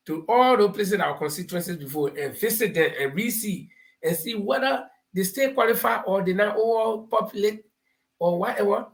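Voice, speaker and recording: A man with a Liberian English accent hosting a live talk show, giving political commentary and explaining points through homespun parables and stories. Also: sits high. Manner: laughs while telling stories.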